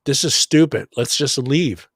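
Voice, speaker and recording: A middle-aged man spins a story on a casual podcast. He is animated, swears often and acts out the other people's lines. His voice sits in a middle range and sounds dry and close. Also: medium pitch, measured pace, slightly rough, no room sound. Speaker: podcast co-host.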